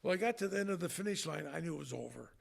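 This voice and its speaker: An older man and former strongman, telling an emotional story in an earnest, halting way with many restarts. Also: on the high side, expressive, vocal fry. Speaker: retired strongman, guest.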